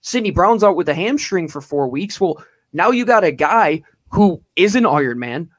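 Animated man punching every point on a podcast. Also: high voice, normal speed, dry recording. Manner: emphatic, drawing words out for effect. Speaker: podcast co-host. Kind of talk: sports podcast chat.

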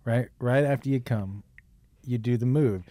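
A man hosting a comedy podcast, telling bawdy bits with animated delivery in casual banter. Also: medium pitch, normal speed, no echo.

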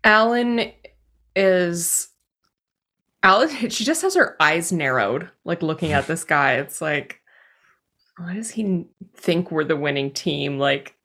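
Lively low-voiced woman, slow. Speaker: player. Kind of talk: casual tabletop play.

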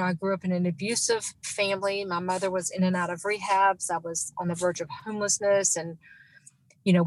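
A woman's voice: mid-range voice, no room sound, low-quality recording. Earnest woman telling her life story. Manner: earnest, many fillers and restarts. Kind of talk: emotional personal storytelling.

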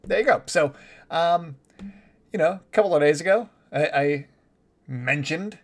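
Male sports commentator, slightly high-pitched, talky and opinionated with sarcastic asides. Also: a little slow. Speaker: baseball commentator.

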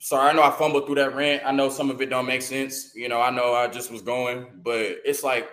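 A man hosting a sports show, ranting fast and excitedly, stumbling over words and firing off rhetorical questions. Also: mid-range voice, echoey room. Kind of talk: heated sports rant.

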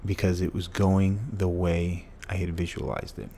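Guy with a really low voice, ex football player, earnest and emotional, keeps repeating himself. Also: steady tone, normal speed, creaky, dark tone, a little hiss or hum. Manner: emotional, earnest, lots of repetition. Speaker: guest, former pro football player. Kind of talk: storytelling in an interview.

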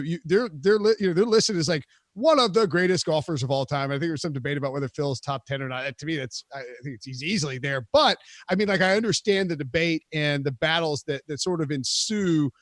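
A man's voice: fairly high pitch, animated, brisk, few pauses, no echo, clean studio sound. A man co-hosting a casual sports podcast, rambling along with many fillers. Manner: rambling, lots of fillers and likes. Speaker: podcast co-host.

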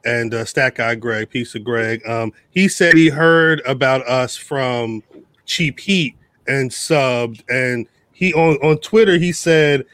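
A man hosting a podcast, talking in a relaxed way with stammering restarts as he reads listener shoutouts. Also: mid-range voice, slow, dry recording. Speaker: podcast host. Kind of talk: casual chat.

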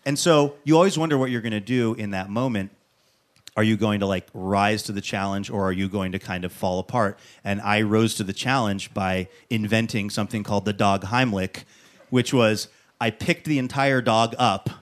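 A man hosting a talk show, telling a comic story in a lively way and acting out what people said. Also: fairly low pitch, moderate pace. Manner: animated storyteller who acts out quotes. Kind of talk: comic monologue and interview.

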